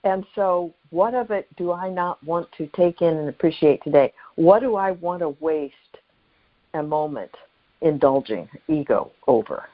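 A woman's voice: deep voice, a little slow. A woman talking in a reflective, musing way on a call-in radio show, laughing often. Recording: dull lo-fi radio sound.

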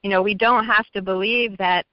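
A woman's voice: mid-range voice, steady tone, brisk, no echo. A woman calling in to a radio show, talking casually with frequent fillers and laughs. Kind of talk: call-in radio talk. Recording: dry, dull lo-fi sound.

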